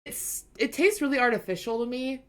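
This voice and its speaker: A woman's voice: sits high, brisk. A woman co-hosting a chatty podcast, rambling through stories with lots of fillers and frequent giggles. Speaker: podcast co-host. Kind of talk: casual chat.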